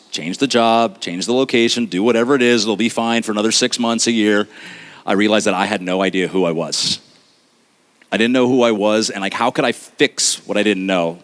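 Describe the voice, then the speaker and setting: Deep-voiced man telling a confessional story. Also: fairly bright tone. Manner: earnest, confessional, with dramatic pauses. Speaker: speaker. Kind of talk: personal storytelling talk. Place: stage at a live talk event.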